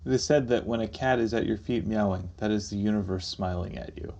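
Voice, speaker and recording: A man co-hosting a podcast in casual chat, joking and animated. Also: lowish voice, brisk, vocal fry, muffled recording. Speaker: podcast co-host.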